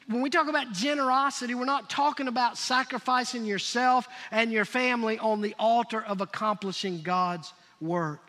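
A pastor delivers a sermon in a very high, bright and forceful voice, emphatically prodding his congregation to call out answers. The long reverb of a large hall surrounds him.

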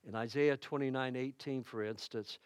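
A middle-aged man preaching a sermon as pastor, telling stories with dramatic punch and dropping to a hushed tone in prayer. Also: mid-range voice, steady tone, normal speed, clean tone, no echo. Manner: storytelling preacher who dramatizes quoted shouts; drops to a soft, hushed tone in prayer.

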